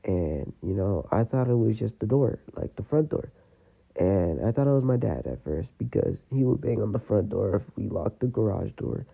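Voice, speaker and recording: Man, casual storyteller, gravelly and husky, tinny phone-line sound. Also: fairly low pitch, animated, moderate pace. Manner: rambling, full of "you know" and "like".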